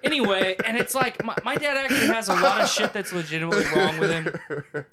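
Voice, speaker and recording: A man's voice: high voice, expressive, fast, a loud crowd. A man co-hosting a podcast, rambling and swearing through casual chat with frequent laughter. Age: adult, has a wife. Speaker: podcast co-host.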